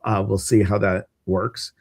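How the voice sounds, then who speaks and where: A man's voice: on the low side, little pitch movement, a little slow, creaky, darkish tone, no echo, studio quality. A man with a Midwestern American accent hosting a casual livestream, chatty and rambling with lots of fillers. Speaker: host.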